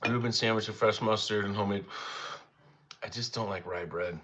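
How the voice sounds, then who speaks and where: A man's voice: steady tone, moderate pace, fairly bright tone. Chatty young man on a cooking livestream. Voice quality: easygoing, rambling and chatty. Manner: talks to his dogs in a higher voice. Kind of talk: casual live chat with viewers. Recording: slightly dull lo-fi sound.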